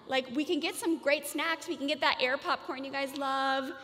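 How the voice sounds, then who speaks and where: A woman's voice: high-pitched, fairly even intonation, normal speed, bright, forceful tone. A woman giving a casual parenting workshop to parents, chatty and informal, often saying "like" and "you guys.". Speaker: parenting educator. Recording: reverberant hall.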